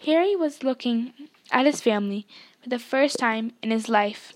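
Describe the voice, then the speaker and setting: High-voiced woman reading a story aloud. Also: normal speed, slight background noise. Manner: expressive storytelling, voicing dialogue. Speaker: reader.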